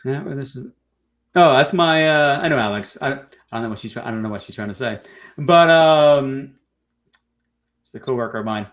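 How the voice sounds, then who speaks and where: Relaxed, rambling man as an interview guest. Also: mid-range voice, moderate pace, slight background noise. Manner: relaxed, rambling, many fillers. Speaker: documentary filmmaker guest. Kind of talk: casual interview chat.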